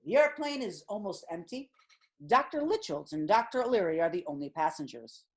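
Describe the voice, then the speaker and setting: Deadpan woman narrating stage directions. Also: fairly low pitch, a little fast. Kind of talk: scripted narration of a comedic audio drama.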